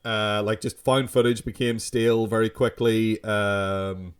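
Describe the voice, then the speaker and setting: A man's voice: on the low side, level tone, measured pace, clean tone. Frank, opinionated man co-hosting a podcast. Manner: frank and opinionated, casually swears. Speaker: podcast co-host. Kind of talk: casual film discussion.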